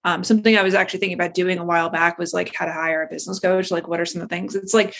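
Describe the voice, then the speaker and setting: A woman's voice: on the low side, steady tone, very fast, gravelly. A woman hosting a podcast in casual chat, blunt and profane. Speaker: podcast host.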